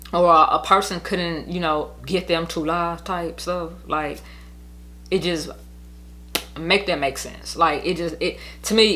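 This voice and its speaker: Blunt, heated woman with a bright voice. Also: deep voice, a little hiss or hum. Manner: blunt, heated, profane and rambling. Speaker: vlogger telling her custody story. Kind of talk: casual storytime monologue.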